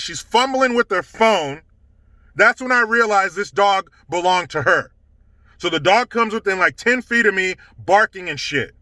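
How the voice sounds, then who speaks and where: A man's voice: sits high, pushed and bright, no echo. A man telling a casual story to camera, indignant and swearing heavily. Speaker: storytelling vlogger.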